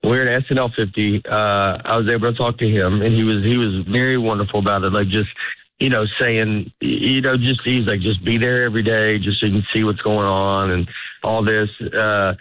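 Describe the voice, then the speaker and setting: A man's voice: on the low side, steady tone, fairly quick, dry recording. A middle-aged man, a stand-up comedian, chatting casually as an interview guest in a rambling, self-interrupting storytelling way. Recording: tinny phone-like radio sound.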